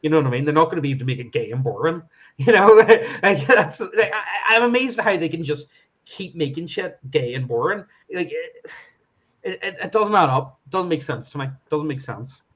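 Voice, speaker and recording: A man's voice: on the high side, animated, a little fast, a bit bright, dull audio. A man chatting casually, rambling, laughing often and swearing as he talks. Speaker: podcast guest. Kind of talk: casual chat.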